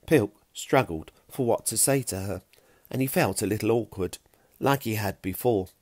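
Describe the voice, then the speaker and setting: Low-voiced man reading a children's story. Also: dry recording, studio quality. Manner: gentle, expressive reading.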